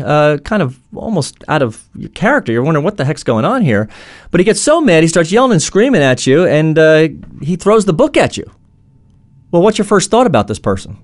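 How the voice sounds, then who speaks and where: A man giving an instructional talk as a coach, earnest, explaining through stories and imagined dialogue, with frequent fillers and restarts. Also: fairly high pitch.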